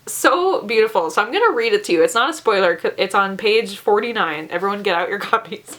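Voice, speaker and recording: A woman's voice: medium pitch, animated, moderate pace, a bit bright. Woman, book vlogger, casual chat, emotional, gushing, lots of fillers. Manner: gushing, emotional, laughs often; filler-heavy, says "like" a lot. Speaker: book reviewer. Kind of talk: casual book review vlog.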